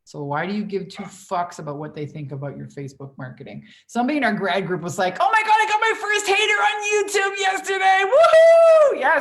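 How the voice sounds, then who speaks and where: A woman in her forties, a business coach on a livestream Q&A, talking in a blunt, profane, emphatic way. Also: medium pitch. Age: 40s.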